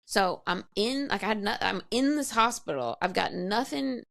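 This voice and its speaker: A woman's voice: mid-range voice, expressive, normal speed, creaky, a bit bright, dry recording, clean studio sound. A woman recounting her past as a podcast guest, frank and matter-of-fact, laughing at herself and peppering her talk with "like". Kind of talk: candid personal storytelling.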